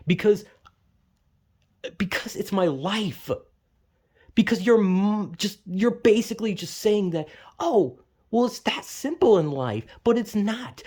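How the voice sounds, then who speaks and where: Young adult vlogger venting in a heated, profane monologue, voice neither high nor low. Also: a little mellow. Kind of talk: angry ranting monologue.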